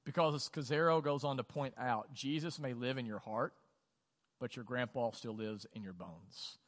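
A man with a mid-pitched voice preaches a sermon in a relaxed, conversational way. He leans on "like" and asks the congregation questions as he goes. His voice rings through a church hall with a long reverb. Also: moderate pace. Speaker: pastor. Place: church auditorium.

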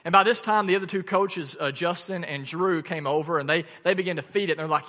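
A male pastor preaching a sermon, telling stories in an animated way with frequent laughs and sudden loud bursts. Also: high voice, brisk, few pauses, long reverb tail.

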